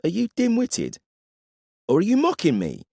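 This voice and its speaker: A man's voice: on the high side, big pitch swings, moderate pace, dry recording, studio quality, pitched above the performer's own voice. A man voicing a blunt, impatient female warrior who speaks curtly. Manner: curt and sharp.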